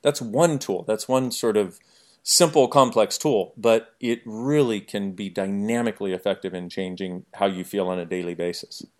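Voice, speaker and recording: A man talking as an interview guest, animated and jokey, explaining his ideas through everyday examples. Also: lowish voice, moderate pace. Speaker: podcast guest. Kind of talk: conversational interview.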